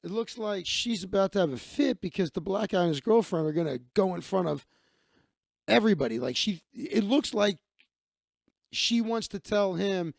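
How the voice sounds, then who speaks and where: A man's voice: sits high, animated, creaky, dry recording, clean studio sound. A man hosting a live stream, telling stories and answering chat in a rambling, profane, casual way. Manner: rambling, profane, quick asides.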